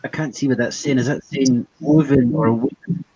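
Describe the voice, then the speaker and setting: A man's voice: mid-range voice, moderate pace, slightly rough, no room sound, muffled recording. Man coaxing spirits on a ghost box. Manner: coaxing, questioning the spirits calmly. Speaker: paranormal investigator streamer.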